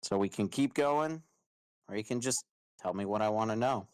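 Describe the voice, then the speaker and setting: A man voicing a calm male interrogator who delivers steady, unhurried threats. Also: fairly low pitch, clear, resonant tone, no echo, close to an everyday voice. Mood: menacing.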